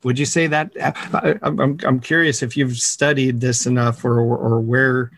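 A man hosting an interview, asking curious questions in a halting, stammering way. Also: mid-range voice, flat delivery, fairly bright tone. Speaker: host. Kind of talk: conversational interview.

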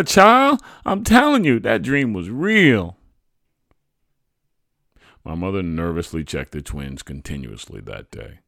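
A man hosting a podcast, reading a true family story aloud in an expressive, animated way. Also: extremely low pitch, no echo, studio quality. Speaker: podcast host and narrator.

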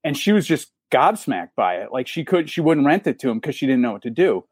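A man casually telling an animated anecdote on a podcast, acting out the other people in it. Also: mid-range voice, fairly quick, breathy edge, dry recording, clean studio sound. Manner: animated, acts out voices in anecdotes. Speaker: podcast guest telling a story. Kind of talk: casual storytelling.

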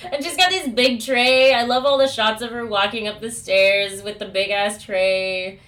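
A woman's voice: fairly high pitch, slow, a bit bright. A woman co-hosting a film podcast, chatting casually, laughing often and quoting scenes. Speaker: podcast co-host. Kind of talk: casual chat about a film.

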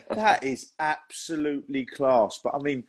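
A man's voice: fairly high pitch, fairly bright tone. A man hosting a podcast, telling stories in a chatty way and laughing often. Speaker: podcast host. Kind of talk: casual chat.

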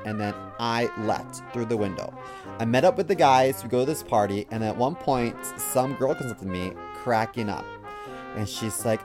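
A man's voice: medium pitch, normal speed, over music. A young man telling a long college party story in casual chat, full of fillers and quoted dialogue.

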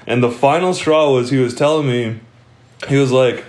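A man's voice: mid-range voice, moderate pace, a little mellow. Laughing, rambling young man. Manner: rambling, laughing storyteller, swears freely. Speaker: podcast co-host. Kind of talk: casual chat.

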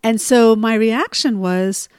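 A woman's voice: a little high, slow pace, clean tone, no echo, clean studio sound. A middle-aged woman telling a personal story in a conversational way, often asking listeners "right?" and laughing at herself. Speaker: storyteller sharing personal stories.

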